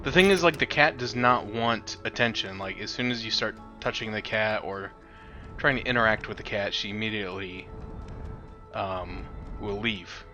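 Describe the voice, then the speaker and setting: A male streamer giving chatty, excitable gameplay commentary at home and talking back to his cat now and then. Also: fairly low pitch, normal speed, highs cut off, soft background music.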